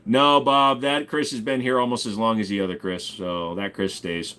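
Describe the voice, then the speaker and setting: A man's voice: fairly low pitch, steady tone, normal speed, bright, forceful tone, clean tone. A man hosting a casual ask-me-anything livestream, joking, swearing and reading chat while bidding on items. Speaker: streamer host.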